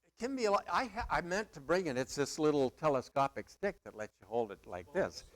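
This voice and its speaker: A man's voice: on the high side, big pitch swings, brisk. A middle-aged male pastor preaching a sermon in a conversational, emphatic way with playful asides.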